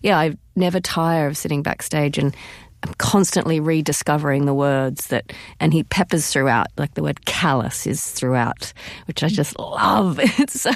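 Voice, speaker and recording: A woman's voice: low voice, moderate pace, vocal fry, dry recording, clean studio sound. A woman, a stage actress, answering interview questions with enthusiasm, laughing often and restarting her sentences.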